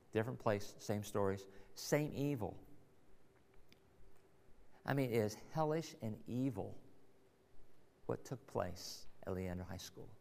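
Gravelly guy preaching a sermon, earnest, punchy rhetorical questions, big echoey church hall. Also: on the low side, darkish tone. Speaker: pastor. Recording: long reverb of a large hall.

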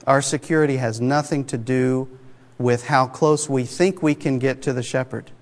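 Speaking at a normal speed with a steady tone, this man preaches to his congregation, mixing a conversational feel with emphasis and often posing rhetorical questions. His voice sits in the middle range and trails off into the long echo of a big church sanctuary.

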